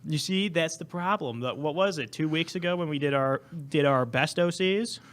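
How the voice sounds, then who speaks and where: A man's voice: a little high, moderate pace, a bit bright. A man co-hosting a podcast in casual comedic chat, rambling with lots of fillers and laughter. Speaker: podcast co-host.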